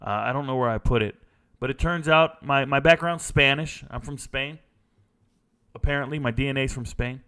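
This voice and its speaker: A man's voice: mid-range voice, moderate pace, pushed and bright, clean tone. A man hosting a casual sports livestream, running through scores and answering viewer questions in a loose, blunt, slangy way. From United States. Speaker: sports show host.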